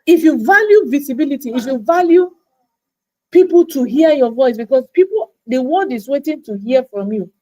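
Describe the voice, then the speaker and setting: A woman coaches her listeners in an emphatic motivational talk. Her voice sits high, and she repeats words for stress. She acts out the doubts of her audience in quoted asides. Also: animated, moderate pace, a little mellow, poor audio. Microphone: livestream mic.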